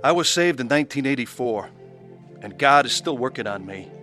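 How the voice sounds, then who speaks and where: A man's voice: medium pitch, expressive, fairly quick, loud music behind the voice. A man narrating his own testimony in an earnest, pleading way.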